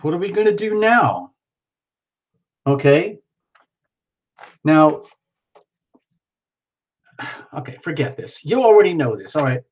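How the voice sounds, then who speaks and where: A man's voice: on the high side, sing-song, slow, long pauses, dull audio. A worn-out man hosting a tarot livestream, rambling casually and greeting viewers by name.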